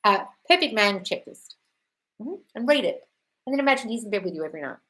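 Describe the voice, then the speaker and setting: A woman's voice: medium pitch, sing-song, quick pace, fairly bright tone, poor audio. Woman, live stream host, breezy, chatty, reads out questions. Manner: breezy and chatty, calls everyone darling. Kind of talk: live stream Q&A, reading viewer questions aloud.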